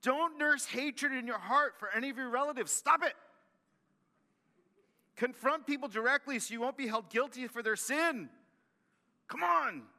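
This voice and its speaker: A man's voice: very high-pitched, sharp tone, in a large hall, pitched above the performer's own voice, full character voice. A man voicing God as a stern parent, nagging with exasperated commands.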